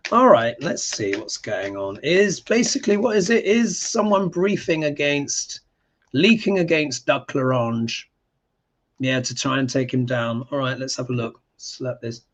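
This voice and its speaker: A man hosting a live astrology stream, chatting and reading viewer comments in an animated way. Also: mid-range voice, husky. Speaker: astrologer and live show host.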